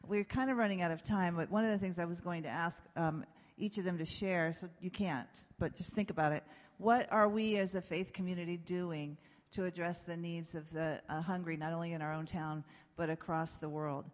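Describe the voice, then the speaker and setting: A woman's voice: lowish voice, steady tone, fairly quick. A woman moderating a panel, earnestly rallying the audience, in an echoey hall. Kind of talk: panel discussion.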